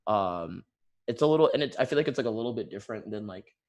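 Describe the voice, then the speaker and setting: Male guest, lower register, loose rambling chat over a video call. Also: lively intonation, fast, a little mellow, dull audio. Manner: rambling, heavy use of "like" fillers. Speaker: guest artist and musician. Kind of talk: casual video-call interview.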